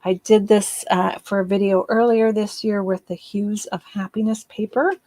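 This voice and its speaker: A woman's voice: medium pitch, little pitch movement, normal speed, warm tone, no echo. A woman demonstrating card making in a casual live craft session, chatty and rambling, with frequent ums and laughs at her own slips.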